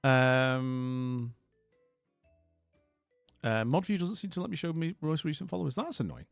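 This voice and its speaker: A man's voice: mid-range voice, fairly even intonation, unhurried, vocal fry, smooth, no room sound, faint music behind. A middle-aged man with a Scottish accent hosting a livestream, chatting casually, telling a story and reading chat aloud. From Scotland. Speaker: livestream host.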